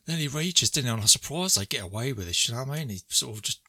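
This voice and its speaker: A man's voice: mid-range voice, lively intonation, fast talker, sharp tone, dry recording, clean studio sound. A man co-hosting a casual movie podcast, retelling scenes with quoted lines and frequent laughs. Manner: chatty storyteller, quoting lines and laughing. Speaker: podcast co-host. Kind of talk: casual movie recap chat.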